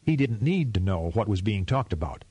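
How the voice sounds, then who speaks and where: A male narrator reads a novel aloud from a script, his low, husky voice steady and measured. The recording is close and dry, with no echo.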